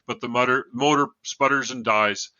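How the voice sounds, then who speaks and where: A man with a very bright, forward voice tells a true story as a podcast guest, moving from read narration to casual asides. The sound is dry and a little dull, as if on a modest home mic. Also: medium pitch, fairly even intonation, normal speed, no room sound.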